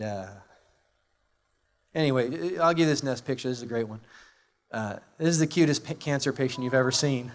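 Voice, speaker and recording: Man giving an emotional testimony talk. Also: mid-range voice. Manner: conversational and emotional, with many fillers. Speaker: conference speaker. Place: large live conference venue. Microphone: handheld or stage microphone.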